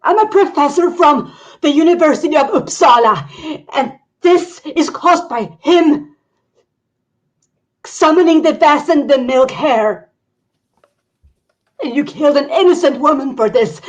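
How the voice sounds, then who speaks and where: A woman voicing a desperate, grieving woman professor who shouts in fury and fear, on dull lo-fi audio. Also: high-pitched, slow pace, voice pushed up. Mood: enraged. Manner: shouting and pleading.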